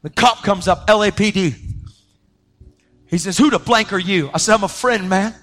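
A man preaching a sermon, telling a story with lively energy and acting out the voices of the people in it. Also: fairly quick. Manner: animated, acts out quoted voices, pitch jumping up when excited.

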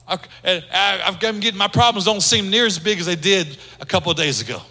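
A man's voice: high voice, fast, sharp tone. A man preaching a sermon in a conversational way, acting out quoted speech as he goes. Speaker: pastor. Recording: long hall reverb.

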